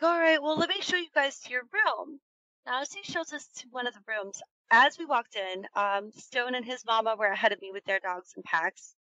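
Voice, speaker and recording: A woman's voice: medium pitch, sharp tone, no room sound, dull audio. A woman in her thirties telling a frightening true story in a casual, rambling way, full of fillers and swearing. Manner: tense, keyed-up retelling.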